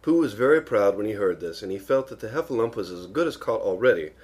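A man's voice: lowish voice, animated, fast talker, a little mellow, husky. A man reading a children's story aloud, with a storytelling manner and the odd aside. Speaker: reader.

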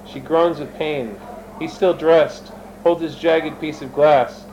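A man's voice: on the high side, fairly even intonation, slow pace, a little mellow, dull audio, a little hiss or hum. A man reading his own fiction aloud, switching between narration and character voices and speaking directly to his listeners. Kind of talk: dramatic reading of an erotic story.

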